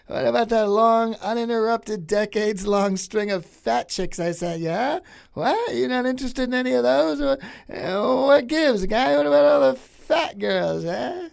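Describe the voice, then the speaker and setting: A man voicing God as a wry deadpan man, drawling and needling. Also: extremely high pitch, unhurried, vocal fry, pitched above the performer's own voice, heavily acted. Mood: mocking. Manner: drawling, needling with "huh?" and "guy?".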